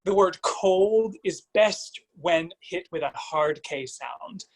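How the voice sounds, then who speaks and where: A man's voice: high voice, takes it slowly, poor audio. A man giving a singer vocal coaching feedback over a video call, singing short phrases to demonstrate.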